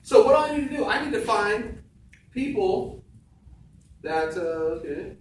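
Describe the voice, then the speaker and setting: A man's voice: high-pitched, very animated, a little slow. A man giving a punchy, emphatic motivational sales talk on stage to an audience, repeating key phrases. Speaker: seminar speaker. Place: large room with audience. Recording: echoey room, far from mic, faint background noise.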